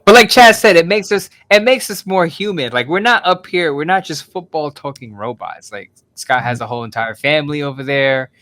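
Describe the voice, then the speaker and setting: A man co-hosting a sports podcast as an NFL writer, laughing easily and breaking down games with energy. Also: mid-range voice. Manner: laughs easily, animated analysis. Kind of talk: casual sports chat.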